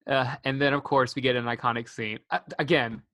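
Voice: medium pitch, fairly even intonation, a little fast, bright, forceful tone, no echo. A podcast host in enthusiastic, giggly casual chat about a movie, recorded on a dry close microphone.

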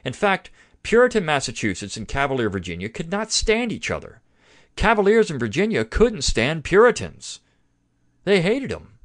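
A man's voice: on the high side, wildly swooping pitch, normal speed. A man hosting a history podcast, lecturing conversationally as a teacher would, with frequent fillers and restarts.

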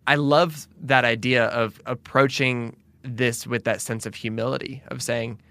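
A man's voice: mid-range voice, steady tone, a little slow, bright, forceful tone, dry recording. A man hosting a conversational interview, reflecting aloud and asking thoughtful questions. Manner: reflective, thinks aloud with restarts. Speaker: podcast host.

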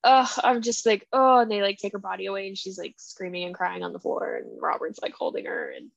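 A woman's voice: mid-range voice, huge pitch swings, quick pace, gravelly, no echo, lo-fi sound. A woman co-hosting a casual book podcast, retelling the story with feeling and acting out little quoted lines. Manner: emotional, retells the plot with little quoted voices. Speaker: podcast co-host.

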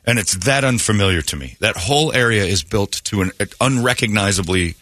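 A man hosting a radio talk show, telling a funny story in an animated way and acting out the voices in it. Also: fairly low pitch, brisk, no echo, studio quality. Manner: animated, acts out his own crying and other voices.

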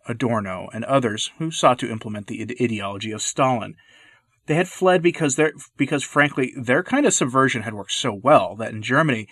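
A man delivering scripted commentary narration in a measured, deliberate way. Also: mid-range voice, fairly bright tone, no echo.

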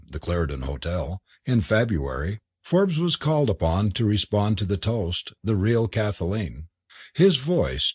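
A man narrating a novel in an expressive, lively reading style. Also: lowish voice, husky, dry recording, studio quality. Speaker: audiobook narrator. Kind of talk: storybook narration.

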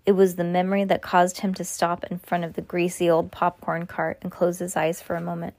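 Woman slowly reading a storybook aloud. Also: fairly low pitch. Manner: slow, expressive, with small restarts. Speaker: reader. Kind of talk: reading a chapter book aloud.

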